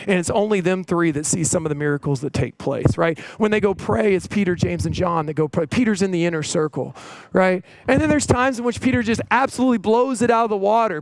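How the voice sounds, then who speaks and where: A preacher and coach delivers a sermon conversationally, frequently tagging on "right?" and voicing the characters in the stories he recounts. His voice is high-pitched, and the low-quality recording has no room sound.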